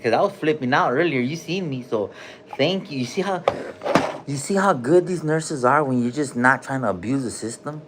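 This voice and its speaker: A man's voice: medium pitch, normal speed, background noise. A man rambling loosely on a live stream from a hospital room, cursing and dropping slang as he jumps between topics.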